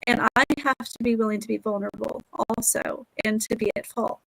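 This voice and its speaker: A woman's voice: a little high, fairly even intonation, a little fast, creaky, hardly any pauses, sharp tone. A middle-aged woman, a teacher and author, talking earnestly and reflectively as an interview guest.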